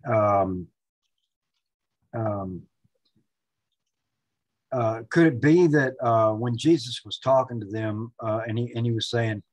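A man's voice: medium pitch, takes it slowly, pauses often, low-quality recording. A man in an online class offering a hesitant, apologetic comment full of fillers. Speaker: student.

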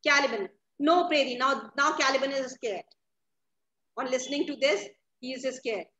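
A woman with a high-pitched, sharp voice teaches a literature class at normal speed, paraphrasing a play line by line and frequently checking in with her listeners. The recording is echoey and slightly dull, with faint background noise.

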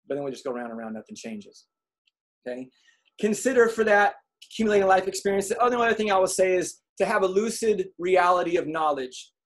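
A man giving a motivational talk to an audience, telling comic stories and acting out quotes in an animated way. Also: sits high, a little fast. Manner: animated storyteller, acts out quotes. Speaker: speaker.

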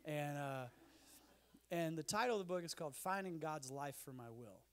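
A man's voice: a little high, normal speed. A man, giving a conference talk full of self-deprecating humorous stories. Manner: animated, self-deprecating storyteller. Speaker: speaker. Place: conference stage.

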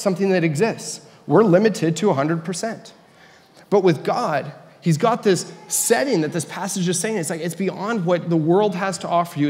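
A man's voice: fairly high pitch, a little mellow. A man preaching a casual, conversational sermon as a pastor, with joking asides. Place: church sanctuary. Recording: reverberant church hall.

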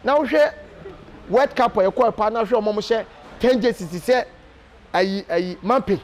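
A Ghanaian man giving an animated, emphatic casual interview, full of hesitation fillers. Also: sits high, moderate pace. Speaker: interview guest.

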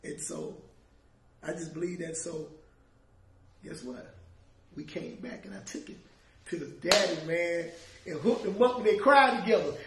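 A man's voice: a little high, a little slow, pauses often. A middle-aged man, a former music manager, telling an emotional story in an interview. He acts out the voices of the people he quotes, and his voice swells as the feeling rises. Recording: echoey room, distant mic, faint noise.

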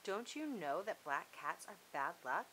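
A fretful, superstitious boy who frets over bad luck, voiced by a woman reading a storybook. The voice is bright and close to her own. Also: lowish voice, very animated, measured pace, a little hiss or hum, full character voice, low-quality recording. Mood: worried. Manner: anxious, fretful. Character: worried boy in a mad scientist costume. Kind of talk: storybook read-aloud.

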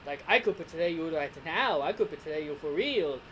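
A man's voice: a little high, expressive, moderate pace, sharp tone, slight background noise. A man doing a smug, mock-polite alien tyrant.

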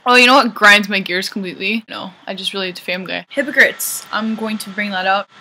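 Woman, Canadian accent, casual vlog chat, opinionated and rambling, bright tone, faint background noise. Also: medium pitch, quick pace, low-quality recording. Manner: rambling, joking, opinionated asides. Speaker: singer-songwriter vlogger.

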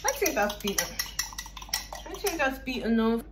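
Her voice is a little high and sing-song, and she talks a touch slowly. A young Irish woman vlogging from her home kitchen, she bakes while chatting casually, rambling, cracking jokes and swearing freely, captured in a noisy home recording.

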